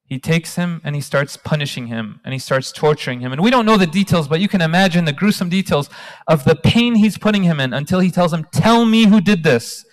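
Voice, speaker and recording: A man in his thirties gives an animated storytelling talk as a guest speaker, engaging the audience, on a mic in a large hall. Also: a little high, quick pace. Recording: long hall reverb.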